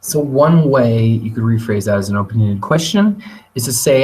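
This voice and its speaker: A man presenting a teacher training webinar, talking in a relaxed conversational way with occasional fillers. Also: mid-range voice, moderate pace. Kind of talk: webinar lecture. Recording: voice distant from the mic.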